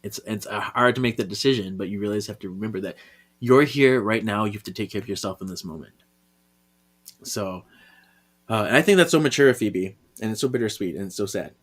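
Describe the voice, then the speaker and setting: A man co-hosting a podcast in casual chat, earnest and emotive, his sentences often trailing off softly. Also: lowish voice, a little fast. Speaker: podcast co-host. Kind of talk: casual chat, reading a comic aloud.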